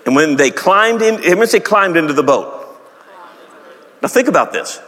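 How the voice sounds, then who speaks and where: A male pastor preaching with comic storytelling, jumping into voices for the people in his story. His voice sits high and swings widely. The sound carries a long reverb from a large hall. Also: moderate pace. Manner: animated, acts out characters in silly voices.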